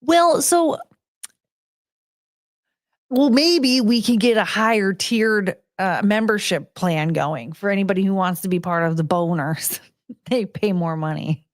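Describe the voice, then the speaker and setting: A woman's voice: mid-range voice, measured pace, no room sound, studio quality. Chatty woman cooing at her dogs. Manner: laughs often and trails off mid-sentence. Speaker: streamer hosting her own show. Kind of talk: casual chat with viewers.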